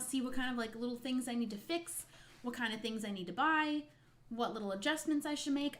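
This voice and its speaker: A woman from New Jersey with a slight New York accent, chatting casually on a stream, rambling and laughing often. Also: fairly high pitch. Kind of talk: casual chat.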